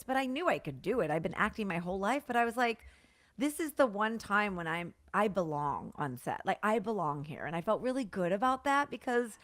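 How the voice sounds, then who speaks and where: A woman's voice: mid-range voice, no room sound. Tearful woman telling a heartfelt story. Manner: animated, tearful and laughing by turns. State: crying. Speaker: podcast guest. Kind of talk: emotional interview storytelling.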